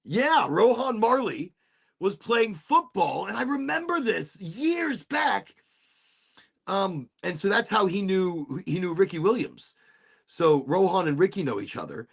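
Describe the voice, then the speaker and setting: A man's voice: high voice, big pitch swings, unhurried, vocal fry, breathy edge. A man hosting a casual chat, telling rambling stories and laughing often. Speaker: podcast host.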